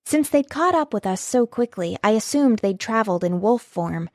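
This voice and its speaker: A woman's voice: mid-range voice, animated, normal speed, darkish tone, no room sound, studio quality. A woman reading a first-person novel as an audiobook narrator, with an emotive reading style.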